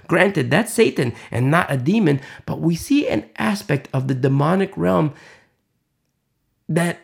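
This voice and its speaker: Man, pastor preaching, gravelly husky voice, loud emphasis then whispered asides. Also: sits high. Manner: swings from loud emphatic lines to hushed whispers. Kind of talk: sermon.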